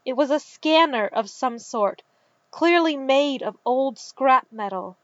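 Calm woman narrator, slow measured reading, dull dry recording. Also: sits high, no echo. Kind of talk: scripted narration.

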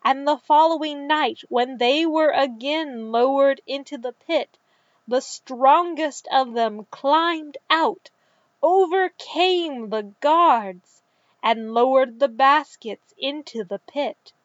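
A woman reading a story aloud in a calm, measured way. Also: high-pitched, no echo. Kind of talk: scripted narration. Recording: dull, dry recording.

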